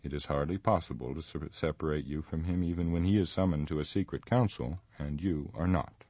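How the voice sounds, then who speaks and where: A wise ancient elf lord speaks with slow, solemn weight, as a man reads him. His voice sits at the very bottom of the range and sounds close and dry. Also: rumbling low, mellow, no room sound. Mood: gently amused. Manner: solemn, measured pronouncement.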